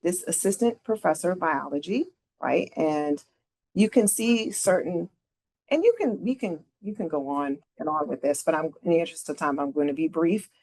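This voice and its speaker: A woman's voice: low-pitched, lively intonation, moderate pace, a little mellow. A middle-aged woman leading a careers workshop, walking through slides in a conversational way and often checking in with "right?". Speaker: career advisor presenting a workshop.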